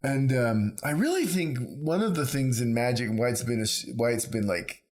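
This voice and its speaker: A man co-hosting a podcast talks at an easy, mid-range pitch. He circles through his ideas in casual conversation, restarting his sentences. When he tells a story he jumps into animated quoted voices. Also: moderate pace. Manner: rambling, animated storyteller who acts out quotes. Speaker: podcast co-host.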